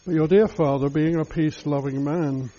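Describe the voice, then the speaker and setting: Man leading a guided scripture meditation, fairly high voice, mellow tone, muffled lo-fi sound. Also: fairly even intonation. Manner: addresses listener as you, slow and reflective.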